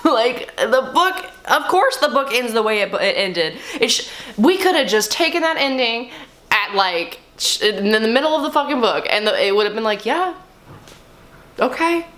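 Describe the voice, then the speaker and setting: A young woman talking casually and candidly as a book vlogger, swearing freely and swinging her pitch up and down. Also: fairly bright tone. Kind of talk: casual chat.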